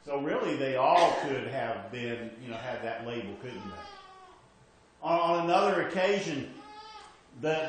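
Male pastor, slightly high voice, conversational preaching that drops to hushed moments, heavy church reverb. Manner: conversational preaching with restarts, swings from emphatic to hushed. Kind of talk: sermon.

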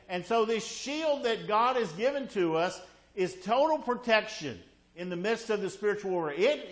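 A man preaching a sermon, emphatic and repetitive, often checking in with listeners by asking "okay?". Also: sits high. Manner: emphatic, repeats key words. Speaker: pastor.

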